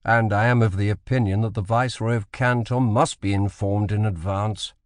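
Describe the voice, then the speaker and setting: A man voicing a commanding British admiral in an audiobook, speaking with deliberate authority. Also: fairly low pitch, fairly even intonation, no echo, studio quality, close to an everyday voice. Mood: briefing. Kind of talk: audiobook character voice.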